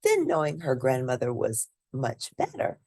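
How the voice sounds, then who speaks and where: A woman reads a children's storybook aloud at a slow, unhurried pace. Her voice is very low, warm and gravelly. She swings her pitch up and down widely. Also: dry recording. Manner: slow, expressive reading.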